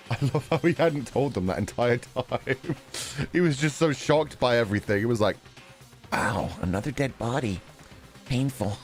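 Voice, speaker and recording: A man's voice: mid-range voice, animated, normal speed, faint music behind. A man streaming a video game, chatting casually while he reacts, swearing and laughing as he theorizes. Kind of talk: let's-play commentary.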